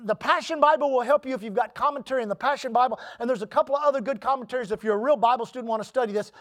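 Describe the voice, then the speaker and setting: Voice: medium pitch, rapid-fire. Emphatic repetitive preacher. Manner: emphatic, repetitive, calls to the congregation. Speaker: pastor. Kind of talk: sermon.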